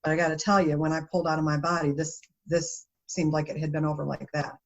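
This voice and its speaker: A woman's voice: low voice, quick pace. A woman guest in a conversational interview, telling stories with animation and frequent laughter. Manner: animated storytelling, laughs often. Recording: dull lo-fi interview audio.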